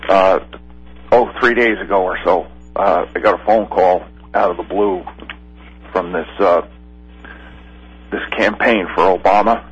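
A man calling in to a Christian talk radio show, telling a story in a rambling, halting way with many fillers. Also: low-pitched, steady tone, slightly rough, faint music behind. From Pennsylvania. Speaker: caller. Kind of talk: call-in radio chat. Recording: dull lo-fi phone line.

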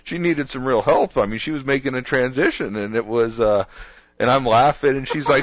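A man hosting a casual talk show, telling an animated story and laughing along as he goes. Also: mid-range voice, normal speed, no echo, muffled recording.

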